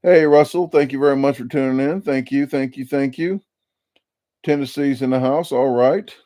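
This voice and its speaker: A man's voice: mid-range voice, normal speed, mellow, no room sound, studio quality. A man, hosting a casual live-stream chat and rambling with many restarts and repeated words. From Illinois. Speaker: YouTube channel host.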